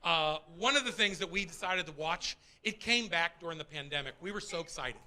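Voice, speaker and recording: A middle-aged male stand-up comedian, doing an energetic, profane, exasperated set on a live stage. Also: on the high side, a little fast. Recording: live show with audience laughter.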